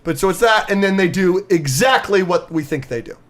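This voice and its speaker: A man co-hosting a podcast, recapping with excitement and lots of fillers in casual chat. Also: high-pitched, fairly quick. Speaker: podcast co-host.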